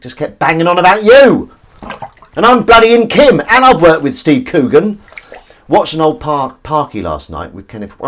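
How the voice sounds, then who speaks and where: A man's voice: lowish voice, slight background noise. Rambling, chatty man. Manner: rambling, chatty, reads out and answers chat. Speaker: livestream host. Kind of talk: casual live-stream chat.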